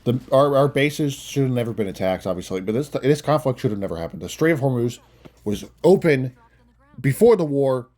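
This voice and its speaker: A man's voice: mid-range voice, lively intonation, a little fast, darkish tone. A young man ranting casually and bluntly into his phone, swearing often and making mocking asides. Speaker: commentator. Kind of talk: casual political rant.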